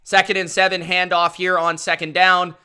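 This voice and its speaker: A man calls football play-by-play for his live stream and greets his chat by name. His voice sits high and rings very bright and crisp. He talks at an unhurried pace, with a pumped-up announcer style. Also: flat delivery. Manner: hyped, announcer-style delivery. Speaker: live-stream sports commentator. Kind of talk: live play-by-play commentary and chat shout-outs.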